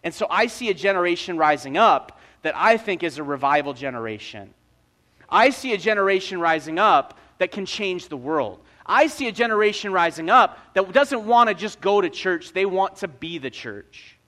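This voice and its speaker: High-voiced energetic male preacher. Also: moderate pace. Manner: energetic storytelling, casual asides. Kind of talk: sermon.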